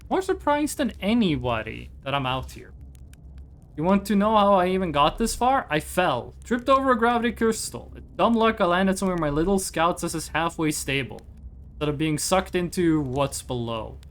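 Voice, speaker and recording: A streamer reading aloud the lines of a nervous male alien explorer who is scared of space, in a rambling, apologetic manner and a mid-range voice that swings widely in pitch. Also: big pitch swings, normal speed, fairly bright tone. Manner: rambling, self-deprecating, apologetic. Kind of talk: reading game dialogue aloud.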